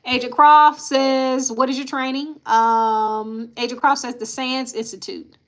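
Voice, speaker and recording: A woman with a somewhat high, bright voice, recapping court testimony on a live stream. She reads each quote out plainly, then breaks off to sigh or talk straight to her viewers. Her tone stays casual and frank throughout. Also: flat delivery, a little slow. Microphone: live-stream mic.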